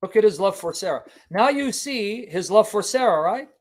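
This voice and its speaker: A man's voice: high-pitched, animated, normal speed. A man preaching in a livestream Bible teaching, impassioned and emphatic, firing rhetorical questions at his listeners. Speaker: Christian preacher and apologist.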